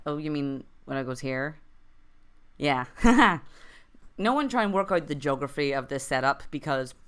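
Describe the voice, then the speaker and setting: A young adult woman runs an improvised story for her chat, tossing in wry, self-mocking asides. Her voice sits low and sounds smooth and clear. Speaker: streamer and storyteller.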